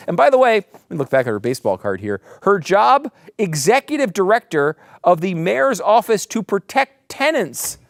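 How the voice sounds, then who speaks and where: A man's voice: sits high, normal speed, gravelly, hardly any pauses, dry recording, clean studio sound. A man hosting a political commentary show, talking in a sarcastic, mocking, emphatic way. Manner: emphatic, lively delivery. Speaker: host.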